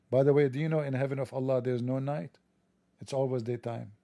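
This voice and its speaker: Gravelly man in a mocking monologue. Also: mid-range voice, steady tone, fairly quick, warm tone, no room sound. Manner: mocking, sarcastic, jokey. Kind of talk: satirical monologue.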